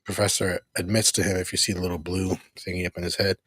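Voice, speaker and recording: Husky, low-voiced man hosting a stream. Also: flat delivery, fast, fairly bright tone, no echo. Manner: easygoing, laughs often, acts out characters' lines. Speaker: host reviewing a cartoon episode. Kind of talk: casual recap chat on a live stream.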